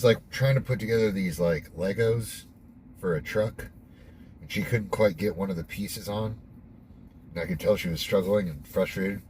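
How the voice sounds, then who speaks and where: A young man with a fairly low voice talks through a devotional reading in a loose, candid way, stopping to reflect and dropping the odd swear word. A faint hiss sits underneath him. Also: a little mellow. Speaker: host. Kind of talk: casual devotional monologue.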